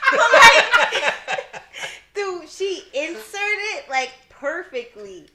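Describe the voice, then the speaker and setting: A woman's voice: very high-pitched, echoey room, background noise. A woman co-hosting a casual chat, telling family stories with lots of laughter and acted-out voices. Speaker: co-host.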